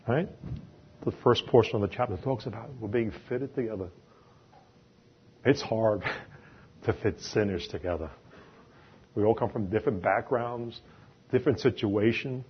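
A man's voice: medium pitch, husky, dull audio. A man from New York with a New York accent, giving an informal, chatty sermon full of homely examples and asides. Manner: chatty and conversational, with self-deprecating asides and laughs. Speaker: lay preacher.

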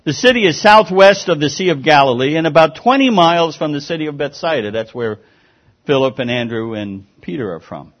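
A man preaching a sermon, lively and emphatic, often restarting his words. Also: on the high side, fairly quick. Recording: dull lo-fi sound.

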